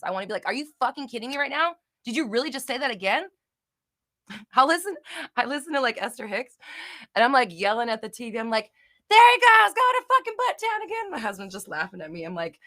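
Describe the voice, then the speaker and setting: A young adult woman hosting a live manifestation Q&A chat, expressive and loud, who swears freely and slips into shouty rants. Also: mid-range voice. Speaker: manifestation channel host.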